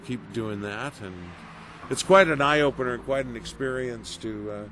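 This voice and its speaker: A middle-aged man giving a casual interview as a voice actor, animated and storytelling, acting out quoted reactions. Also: medium pitch, a little slow. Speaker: voice actor guest. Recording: noisy background.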